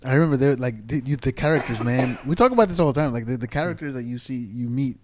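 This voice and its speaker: A man's voice: medium pitch, fast talker. A male podcast co-host, talking loosely with many fillers and restarts. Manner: rambling, lots of "like" and restarts. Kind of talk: casual podcast chat.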